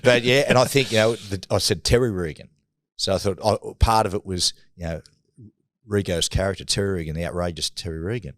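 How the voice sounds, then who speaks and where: Deep-voiced Australian man telling stories. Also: brisk, no room sound, clean studio sound. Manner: rambling storyteller, trailing off quietly. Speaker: podcast guest. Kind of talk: casual chat.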